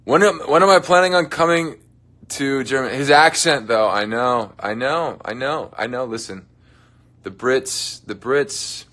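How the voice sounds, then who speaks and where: Chatting from his dressing room on a relaxed livestream, a young man reads viewer comments and jokes around playfully, sometimes trailing off into quiet mumbling. He speaks unhurriedly at a medium pitch.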